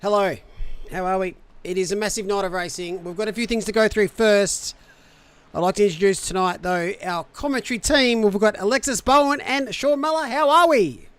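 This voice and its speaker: With a high, bright, clear voice that rings with resonance, this man talks fairly quickly while hosting a sim racing livestream. His style is jokey and cheerful, loaded with laid-back slang.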